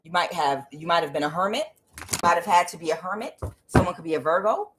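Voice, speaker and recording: A woman doing a tarot reading for her channel viewers, talking casually, swearing now and then and swinging between low mutters and loud excited bursts. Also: fast, very noisy. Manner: swears casually, addresses viewers as guys and y'all. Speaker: tarot reader.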